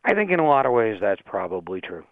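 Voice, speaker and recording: A man, an author calling in to a radio interview, hesitant and halting, with many fillers. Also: lowish voice, sing-song, creaky, no room sound. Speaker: author and guest. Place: home in rural mountains. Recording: muffled phone line.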